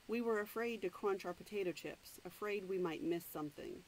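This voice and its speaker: A woman's voice: medium pitch, darkish tone, a little hiss or hum, poor audio. A woman reading a novel aloud, stopping now and then to explain the story in her own words. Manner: plain, unhurried read-aloud narration with asides. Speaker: reader.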